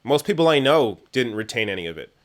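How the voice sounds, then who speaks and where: Fast-talking and very animated, this young man from Canada has a mid-range voice. As a livestream host answering chat, he keeps the Q&A casual and chatty, laughing often and drifting into filler words.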